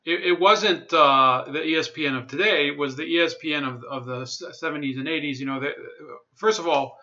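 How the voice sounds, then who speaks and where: A man's voice: fairly high pitch, a little fast, pushed and bright, muffled recording. A man giving rambling, blunt commentary in a casual video, full of fillers, restarts and profanity. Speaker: political commentary vlogger.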